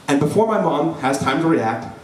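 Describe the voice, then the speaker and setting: A young man telling a personal story live before an audience, lively and joking, with frequent "right?" asides to the crowd. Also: a little high, moderate pace, noisy background. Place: event hall before an audience. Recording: roomy hall, voice from a distance.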